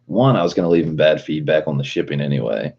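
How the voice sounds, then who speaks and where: Very deep husky man ranting casually. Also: animated, fast, darkish tone, lo-fi sound. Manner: profane, rambling, lots of "like". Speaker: livestreamer reading chat. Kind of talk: casual livestream rant.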